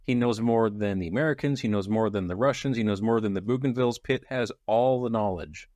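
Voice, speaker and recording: A man's voice: on the low side, brisk, darkish tone, no room sound. A man co-hosting a podcast, joking and laughing as he recaps a book. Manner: jokey, laughs often. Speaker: podcast co-host. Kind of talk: casual book club chat.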